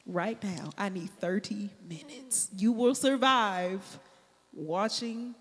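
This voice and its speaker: A mother chatting casually on a panel, relaxed and laughing as she talks. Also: mid-range voice, slow pace, big-room sound. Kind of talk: casual chat.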